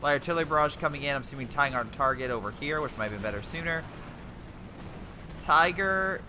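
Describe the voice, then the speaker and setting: A young man giving casual commentary over a strategy game replay, excitable and rambling, breaking off into exclamations. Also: fairly high pitch, fairly quick, noisy background.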